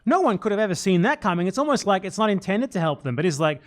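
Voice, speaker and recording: A man's voice: high voice, sing-song, quick pace, few pauses. A man hosting a political commentary stream, talking in a heated, sarcastic way and mocking his opponents. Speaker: streamer host.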